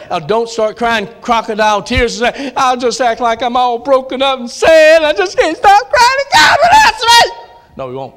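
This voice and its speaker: Southern pastor in the pulpit, a man with a bright tone; folksy, swings from hushed asides to shouts. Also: high voice. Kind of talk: sermon. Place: church sanctuary.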